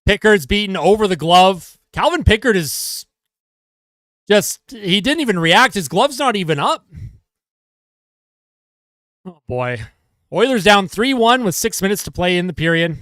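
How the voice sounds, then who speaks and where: A man doing live play-by-play as a fan of his team, calling the action quickly and growing exasperated and sarcastic at their mistakes. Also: high voice, expressive, fairly bright tone, no echo, clean studio sound.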